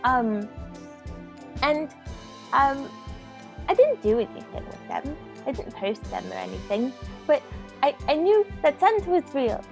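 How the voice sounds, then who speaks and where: A woman's voice: sits high, sing-song, a little slow, gravelly, long pauses, darkish tone, soft background music. A woman telling her character's story in a tabletop game, hesitant and giggly with many ums. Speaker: player.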